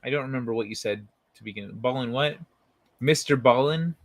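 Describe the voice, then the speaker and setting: Lying in bed at home, this man runs a late-night casual livestream, reading viewers' messages out loud and talking to chatters by name. His manner is rambling and relaxed, his voice medium in pitch and a little quick. The recording is dry.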